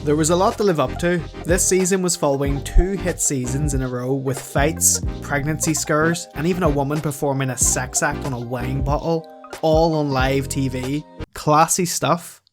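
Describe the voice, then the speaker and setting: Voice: medium pitch, steady tone, normal speed. A vlogger narrating a scripted commentary voice-over with sarcastic, joking asides. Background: background music.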